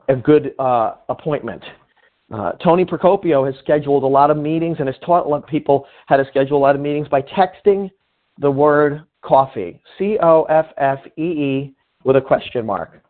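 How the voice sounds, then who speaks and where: Man, slightly high voice, informal coaching talk, restarts phrases, tinny phone-like sound. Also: moderate pace. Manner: conversational, repeats and restarts phrases. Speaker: sales coach.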